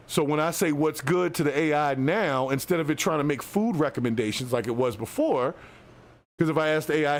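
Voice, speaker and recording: A man's voice: on the high side, lively intonation, a little fast. A man hosting a live podcast, talking loosely and directly to his listeners in slangy casual speech. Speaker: podcast host.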